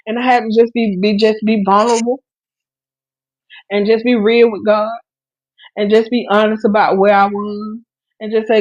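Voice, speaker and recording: A woman's voice: mid-range voice, level tone, moderate pace, pauses often, darkish tone, dry recording, muffled recording. Woman host preaching on a live stream, earnest, keeps restarting, dry room. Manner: earnest, repetitive preaching cadence with many restarts; speaks to listeners directly with encouragement. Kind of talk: preaching testimony.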